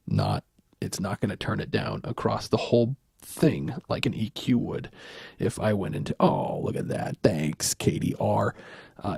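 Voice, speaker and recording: Gravelly, husky soft-spoken man. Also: fairly low pitch, no room sound. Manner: casual, thinking aloud while clicking through software. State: sore voice. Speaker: audio tutorial host. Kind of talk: soft-spoken screen tutorial.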